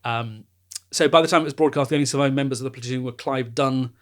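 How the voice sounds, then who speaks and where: A man's voice: medium pitch, fairly even intonation, quick pace, a bit bright. A British man hosting a podcast, explaining in a casual, informative way with many fillers. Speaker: podcast host.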